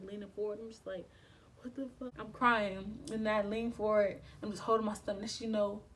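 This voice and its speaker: A woman's voice: mid-range voice, far from the mic, slight background noise, poor audio. Emotional young woman telling a story. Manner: casual, emotional retelling with frequent swearing and slang. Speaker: vlogger. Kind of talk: storytime vlog.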